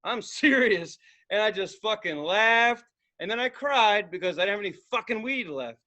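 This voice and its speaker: A man's voice: high voice, expressive, moderate pace, bright, forceful tone, highs cut off. A man co-hosting a podcast, telling rambling, profane stories in casual chat and acting out the people he quotes. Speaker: podcast co-host.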